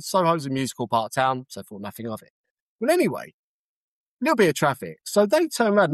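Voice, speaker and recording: A man, a cab driver telling lively anecdotes in a casual interview and acting out the shouts in his stories. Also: medium pitch, dry recording. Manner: animated storyteller who jumps to shouts when acting out scenes.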